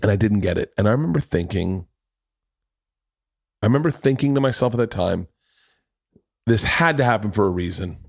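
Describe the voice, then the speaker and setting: Animated storytelling man, dry close mic. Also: fairly low pitch, a little fast, vocal fry, pauses often, no room sound. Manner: animated, acts out quotes in shifting voices, swears. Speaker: podcast host. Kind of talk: casual storytelling chat.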